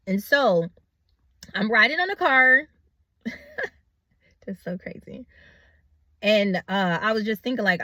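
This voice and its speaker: A woman's voice: mid-range voice, lively intonation, a little slow, pauses often, bright, forceful tone, dry recording. A middle-aged woman telling a personal story in a casual storytime style, acting out her own past thoughts.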